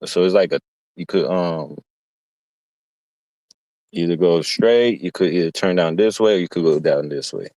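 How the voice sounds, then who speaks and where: Low-voiced man streamer, rambling and profane in casual storytelling, dry sound. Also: normal speed, pauses often, warm tone, no echo. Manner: slangy, profane, meandering with restarts.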